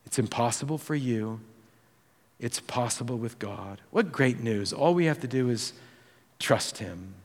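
A man preaching a sermon as pastor, acting out quoted voices and swinging between loud and hushed. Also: mid-range voice, animated, a little slow, long reverb tail. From United States.

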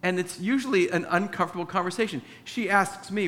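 A man's voice: high voice, expressive, quick pace, fairly bright tone. A man preaching a sermon in a church, conversational, acting out little dialogues. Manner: conversational, acts out dialogue with his wife. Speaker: pastor. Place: church with a sound booth. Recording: reverberant church hall.

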